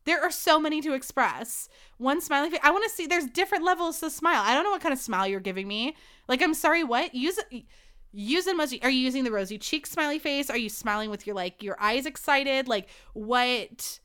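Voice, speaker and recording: Her voice sits high and sounds sharp, expressive and fairly quick as this young woman chats solo on her own podcast. She rambles, gets flustered, and leans heavily on "like."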